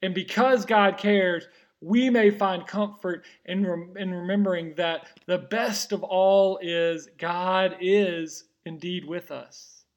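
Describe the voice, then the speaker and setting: High-voiced earnest male preacher. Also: steady tone, highs cut off. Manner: earnest preaching, rising to emphatic cries, dropping to soft, slow near-whispers; frequent restarts and repeated words. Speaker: pastor. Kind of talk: sermon.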